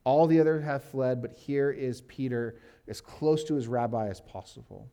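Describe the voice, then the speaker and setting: Guy pastor doing a chill sermon, mellow low-key voice, lots of "like" and "um". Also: normal speed. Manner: casual, uses "like" and fillers, reads scripture aloud. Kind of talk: conversational sermon teaching.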